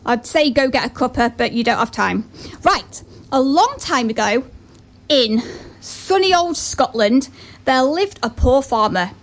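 Earnest high-voiced woman storyteller. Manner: earnest and reflective, with chatty asides. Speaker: motivational storyteller. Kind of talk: motivational talk and storytelling.

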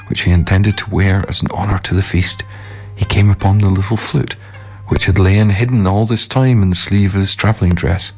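A man narrating a folk tale in a measured, solemn reading. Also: deep voice, a little mellow, breathy edge. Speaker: storyteller.

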